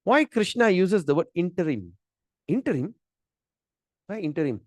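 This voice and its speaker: A man's voice: high voice, sing-song, normal speed, darkish tone, no room sound, clean studio sound. A middle-aged man, teaching a scripture class in a chatty, emphatic way. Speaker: Gita teacher.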